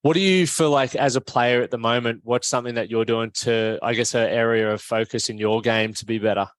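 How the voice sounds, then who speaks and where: Relaxed podcast host. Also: male voice, medium pitch, a little fast, dry recording. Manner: relaxed, frequent "yep" backchannels, rambling questions. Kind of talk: casual interview hosting.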